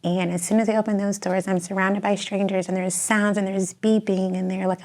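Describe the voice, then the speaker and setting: A woman with a Chicago accent, a guest telling an emotional personal story, expressive and tearful at times. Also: medium pitch, moderate pace, few pauses. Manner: expressive storyteller, laughs and tears up.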